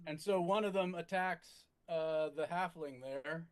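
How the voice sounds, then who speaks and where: A man narrating a tabletop game as its game master, measured and halting, with frequent restarts. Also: on the high side, clean tone.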